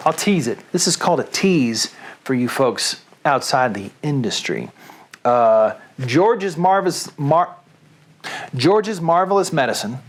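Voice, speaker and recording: A man with a Southern US accent hosting a comedic reading show, talking to viewers in a jokey and rambling way. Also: medium pitch. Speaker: host and reader. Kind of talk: comedic reading and chat to camera.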